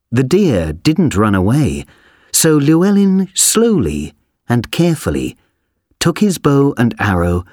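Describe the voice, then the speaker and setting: A man reading a story aloud for a language textbook, slowly, clearly and expressively. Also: lowish voice, darkish tone, no room sound, clean studio sound. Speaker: audio reader for a textbook. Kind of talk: scripted storybook narration.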